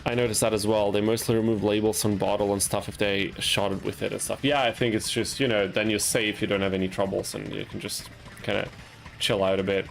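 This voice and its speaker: Young male streamer, gravelly, chatty, laughs at his own blunders. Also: lowish voice, little pitch movement, a little fast, a little hiss or hum. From Austria. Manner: chatty, laughs at himself, yelps in frustration. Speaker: gaming streamer. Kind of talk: casual gameplay commentary with chat.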